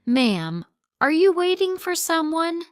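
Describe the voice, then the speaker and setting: Kind male officer, voiced by a woman: soft, slow and reassuring, in a smooth, dry-sounding read. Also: very high-pitched, big pitch swings, no echo, voice pushed up, heavily acted. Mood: sympathetic. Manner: gentle, comforting, simple sentences. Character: kind middle-aged male police officer.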